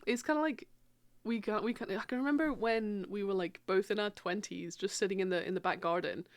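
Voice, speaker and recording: A woman's voice: mid-range voice, dry recording. A woman in her thirties livestreaming from her PC at home, chatting casually, swearing freely and laughing often. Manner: animated, swearing, quick to laugh. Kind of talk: casual chat while streaming.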